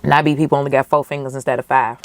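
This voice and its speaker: Podcast host, young woman, low voice, passionate casual movie reaction. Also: racing. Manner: animated, emotional, profane, slangy.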